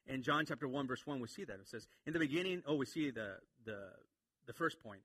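Male pastor, sermon, bright tone, lively emphatic delivery, dry sound. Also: medium pitch, brisk, husky, no echo. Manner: animated preaching, swinging from quiet to emphatic.

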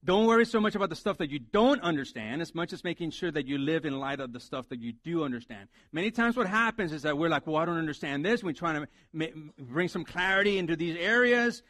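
A man's voice: fairly high pitch, lively intonation, a little fast, few pauses, fairly bright tone, no room sound. A man preaching a sermon as a pastor, talking conversationally and animatedly and acting out the lines he quotes.

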